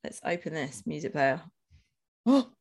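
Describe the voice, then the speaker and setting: A woman's voice: deep voice, sing-song, slow pace, creaky, a little mellow. A woman co-hosting a podcast in casual chat, laughing often and swearing freely. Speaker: podcast co-host.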